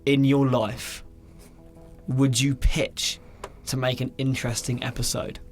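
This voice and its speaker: Slow-spoken male podcast co-host. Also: mid-range voice, flat delivery, faint music behind. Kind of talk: casual chat.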